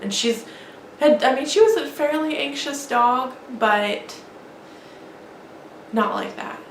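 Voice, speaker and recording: Woman vlogging, halting and sad, gravelly voice, a bit of room hiss. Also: high voice. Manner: halting, grieving, many restarts and fillers. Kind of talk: emotional personal storytelling. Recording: echoey room with faint background noise.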